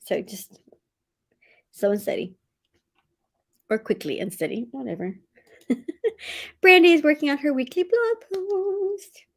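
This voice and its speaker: A woman hosting a casual livestream, reading out viewer comments from home, laughing often and going high-pitched when excited. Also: takes it slowly, pauses often. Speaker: livestream host of writing sprints.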